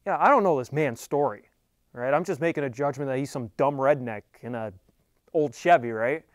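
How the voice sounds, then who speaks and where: A man's voice: mid-range voice, fairly quick, no room sound. A young man with a wry, rambling way of talking, doing a comic monologue to camera. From Thunder Bay, Canada. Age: young adult. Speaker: segment presenter.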